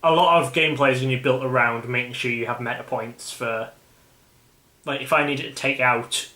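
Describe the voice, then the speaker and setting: A British man talks casually at a mid pitch, hosting and thinking aloud as he goes. He rambles and often restarts his sentences. The recording carries a noticeable room echo. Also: fairly even intonation, a little fast, pushed and bright. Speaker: channel host. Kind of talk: casual chat about a card game. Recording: echoey room.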